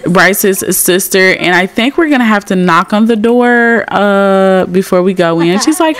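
A young woman creates a Sims let's play, giving casual, giggly commentary over the life-simulation game as she chats with her viewers. Her medium-pitched voice is unhurried, with hardly any pauses.

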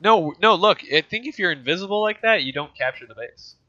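A man's voice: sits high, expressive, a little fast, sharp tone, dry recording, muffled recording. A man chatting and joking while playing a game with a friend, laughing often. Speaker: gamer. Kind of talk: casual gameplay chat.

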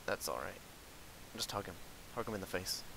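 A man's voice: deep voice, animated, normal speed, creaky, sharp tone, slight background noise, low-quality recording. A young man hosting casual gameplay commentary, teasing his co-player with joking banter. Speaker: channel host.

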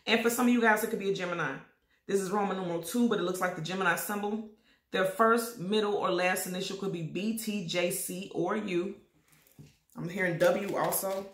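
Lady doing a tarot reading to camera, keeps coughing and clearing her throat, repeats stuff a lot, roomy echo. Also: medium pitch, fairly quick, a bit bright. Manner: repetitive, emphatic, addresses viewers directly. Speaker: tarot reader.

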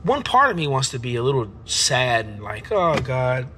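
A man's voice: mid-range voice, wildly swooping pitch, moderate pace, slight background noise. A man talking to camera in a reflective personal vlog, earnest and emphatic, using casual slang. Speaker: vlogger. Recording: music playing loudly behind the voice. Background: background music.

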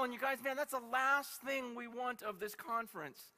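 A man preaching to a conference crowd in a high, bright voice. He tells stories in a lively, chatty way with touches of humor, and his tone stays crisp and forward. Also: normal speed. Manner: animated, conversational storytelling with humor. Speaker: pastor. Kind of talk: conference sermon. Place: live conference hall.

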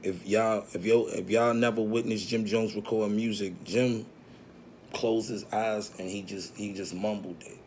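A man's voice: lowish voice, steady tone, unhurried, a little mellow. A man casually telling a story in slang, acting out what people said, with faint background noise. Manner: slangy, acts out quoted dialogue.

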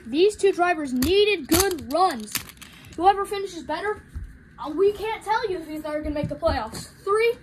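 Very high-voiced excitable woman commentator. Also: a little hiss or hum. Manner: excitable, rushed, rising to shouts at finishes. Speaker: race commentator. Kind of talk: hobby race commentary.

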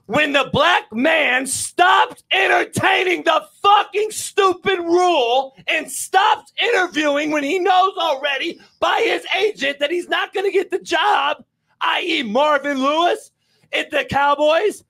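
A man hosting a sports talk show, loud and combative in a heated debate, swearing often. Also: very high voice, a little slow.

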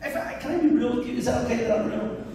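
A man preaches in a high, mellow voice. He talks to the congregation like a friend and acts out his own prayers. The sound is far from the mic, with a long hall reverb and faint room noise. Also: very fast. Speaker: pastor. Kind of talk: sermon. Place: church hall. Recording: echoey hall recorded from afar.

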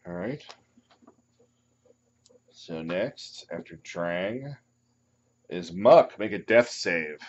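A man with a fairly low voice runs a tabletop game as game master, calling rolls and outcomes in a relaxed, matter-of-fact tone. The recording is dull and lo-fi, with a faint hum of room ambience behind him. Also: very slow, pauses often.

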